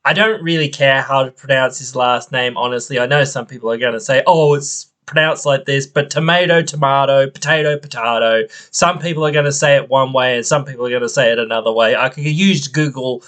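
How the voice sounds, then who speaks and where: A man hosts his own podcast, talking in a loose, rambling rant. He sounds frustrated and a little fed up, and his voice sits at an ordinary middle pitch. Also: brisk, few pauses, a bit bright. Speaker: podcast host. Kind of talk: casual opinion podcast.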